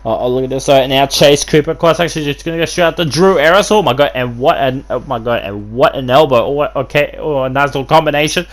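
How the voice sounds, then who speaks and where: A man's voice: mid-range voice, quick pace, hardly any pauses. A man calling wrestling play-by-play as host, rambling through constant fillers and restarts, breaking into bursts of hype. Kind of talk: excited wrestling play-by-play commentary.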